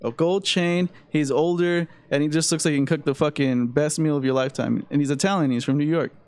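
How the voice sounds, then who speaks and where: Swearing, animated young man telling a story. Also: a little high, fairly quick. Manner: animated storyteller, swears freely, acts out quoted voices. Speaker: podcast co-host. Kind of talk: casual chat, storytelling.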